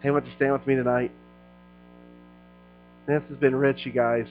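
A middle-aged man preaching a sermon as a pastor, talking to the crowd like friends and swelling into loud passionate stretches. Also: medium pitch, flat delivery, normal speed, phone-quality sound, soft background music. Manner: conversational preaching, rising to loud passionate peaks.

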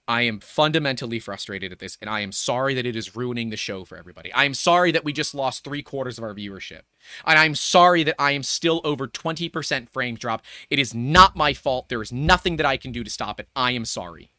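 A man's voice: mid-range voice, bright, forceful tone, no room sound, clean studio sound. Tense, upset male live streamer. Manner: halting, stammering restarts and heavy sighs. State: upset and anxious. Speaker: live streamer and show host. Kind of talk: live-streamed tech talk.

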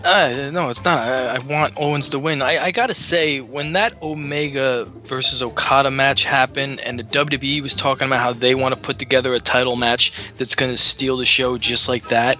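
A man's voice: medium pitch, fairly even intonation, normal speed, hardly any pauses, pushed and bright, faint music behind. A man co-hosting a wrestling podcast in casual chat, rambling and getting heated. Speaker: podcast co-host.

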